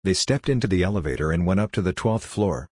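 Deep, husky male narrator. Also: lively intonation, fast, a little mellow, dry recording, clean studio sound. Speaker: audiobook narrator. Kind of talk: steady story narration.

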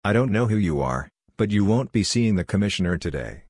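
A man's voice: on the low side, big pitch swings, brisk, darkish tone, slightly rough, no room sound, clean studio sound, exaggerated voice. A man voicing a smug young assistant who speaks in a curt, condescending way.

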